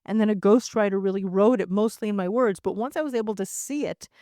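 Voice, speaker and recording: A woman's voice: medium pitch, quick pace, mellow, no echo, clean studio sound. A middle-aged woman hosting a solo podcast, talking in a conversational, emphatic way and laughing now and then. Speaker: podcast host.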